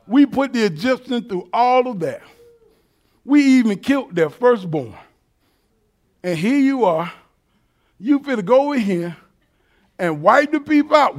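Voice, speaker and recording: Male preacher, high voice, animated and colloquial, quiet asides to shouting. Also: unhurried, pauses often. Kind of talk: sermon.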